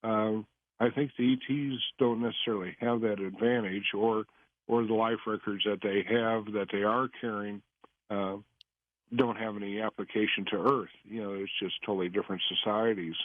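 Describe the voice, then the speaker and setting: A man speaks as a radio guest over a tinny telephone line, his voice pitched on the low side. He answers in a measured, hesitant way, pausing often on fillers, and the sound is dry and close. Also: fairly even intonation, no echo. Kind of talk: interview answers.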